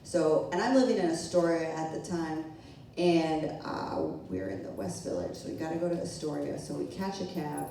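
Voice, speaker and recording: A woman's voice: low voice, lively intonation, moderate pace, vocal fry, dark tone, a little hiss or hum. A woman telling a funny personal story to a live audience, talking casually, laughing and swearing as she goes. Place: small event room with a live audience. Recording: echoey room from far off.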